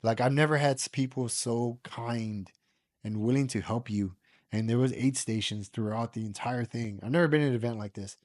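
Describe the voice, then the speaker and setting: A man's voice: medium pitch, normal speed, darkish tone, no room sound, studio quality. A man from the United States telling a personal story in a casual, rambling way, full of fillers and the odd swear word. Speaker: podcast guest.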